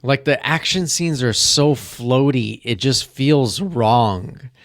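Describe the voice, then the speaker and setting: A young man co-hosting a podcast, giving an emphatic, deliberate film critique in casual chat. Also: mid-range voice, a bit bright, no room sound, clean studio sound. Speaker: podcast co-host.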